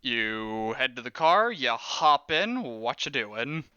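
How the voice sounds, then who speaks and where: A man runs a tabletop horror game with a very bright, crisp voice, teasing his players and laughing between rulings. The sound is dry and a bit dull, like a modest podcast mic. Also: mid-range voice, very animated, takes it slowly, no echo. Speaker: game master.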